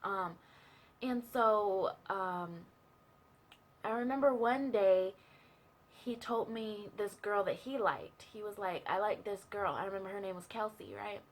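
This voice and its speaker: A woman's voice: mid-range voice, a little slow. A young woman telling a personal story in a chatty, casual way, full of fillers and asides. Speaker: vlogger sharing a testimony.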